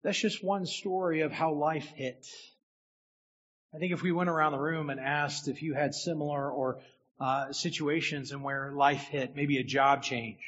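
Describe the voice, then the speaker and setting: Husky-voiced man preaching a personal story. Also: fairly high pitch, steady tone, moderate pace, a bit bright, dull audio. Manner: personal storytelling, addressing the room directly. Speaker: minister. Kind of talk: sermon.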